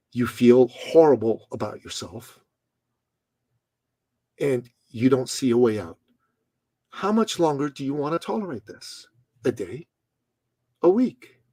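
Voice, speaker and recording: A man voicing a calm, stern older male business mentor who lectures in a quiet, measured way. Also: medium pitch, slightly rough, dry recording, pitched below the performer's own voice.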